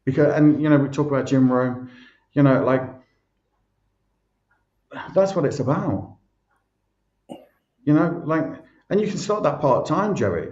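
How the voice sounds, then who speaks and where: A man's voice: fairly high pitch, expressive, measured pace, long pauses, darkish tone. Rambling male host, echoey dull audio. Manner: rambling, lots of fillers and restarts. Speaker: podcast host. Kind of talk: casual conversation.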